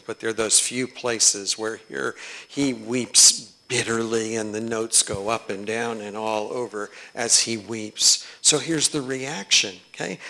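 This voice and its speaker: A man teaching a text study, his voice bright and clear. He reads each passage at an unhurried, deliberate pace and thinks aloud between the readings, with plenty of ums. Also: medium pitch. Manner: slow, reflective reading with frequent fillers. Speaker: teacher leading a study of a sacred choral work. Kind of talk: guided lesson reading texts aloud.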